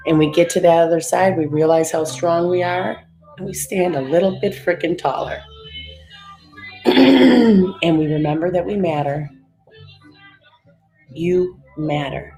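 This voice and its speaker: A woman's voice: low-pitched, creaky, dark tone. A woman hosting a live stream, leading breathing and affirmations in an emphatic, punchy coaching style. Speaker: motivational live-stream host. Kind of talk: energetic motivational talk with affirmations.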